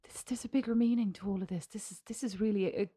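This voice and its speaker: Speaking quickly in a medium-pitched, mellow voice with a breathy edge and fairly even intonation, this middle-aged woman from Ireland co-hosts a casual podcast. She tells stories, teases, and laughs often.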